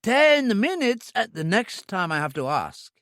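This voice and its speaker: A man's voice: sits high, big pitch swings, measured pace, fairly bright tone, no echo, clean studio sound, pitched above the performer's own voice, full character voice. A man voicing a hard, ruthless agent who gives curt, menacing orders in an audiobook. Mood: commanding. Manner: clipped, commanding, menacing. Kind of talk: audiobook character reading.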